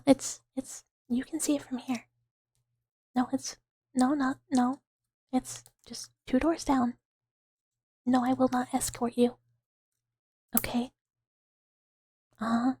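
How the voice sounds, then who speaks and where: A patient fast-food drive-thru worker , whispered by a woman in role-play, calmly turning a confused customer away. The whisper is husky and slow, with a slightly high pitch. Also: no echo. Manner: flatly repeating directions to a confused customer.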